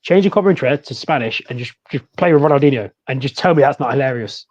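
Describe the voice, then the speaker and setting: A man, co-hosting a casual football podcast and chatting in an animated way. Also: mid-range voice, fast talker, muffled recording. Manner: chatty, animated, laughs easily. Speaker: podcast co-host.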